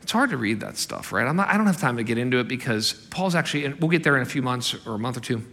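Bright-voiced male pastor in a reverberant hall. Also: medium pitch, fast talker. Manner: animated preaching with acted-out quotes. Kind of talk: sermon.

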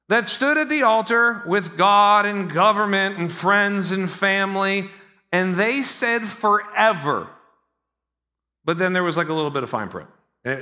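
A high-pitched male pastor delivers a sermon in a lively, conversational style. He keeps turning to the congregation with asides.

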